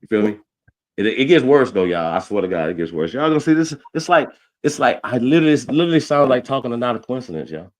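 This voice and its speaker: A man hosting a livestream, ranting loudly with heavy swearing and constant repetition. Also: medium pitch, very animated, quick pace. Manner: loud, ranting, repeats himself, swears a lot. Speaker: livestream roast host. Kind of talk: heated profane livestream rant.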